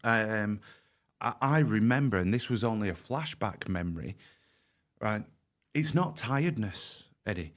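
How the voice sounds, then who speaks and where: Frank, halting middle-aged man. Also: fairly low pitch, lively intonation. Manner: frank, halting with restarts, vivid first-person telling. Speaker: podcast guest. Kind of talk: candid conversational storytelling. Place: podcast interview.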